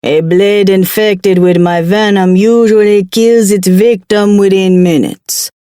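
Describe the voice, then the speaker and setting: A woman voicing a towering male scorpion demon with a Jamaican accent, a low, dark voice and a slow, taunting manner, in an audiobook. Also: steady tone, clean tone, no room sound, clean studio sound, lightly acted. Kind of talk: audiobook character voice.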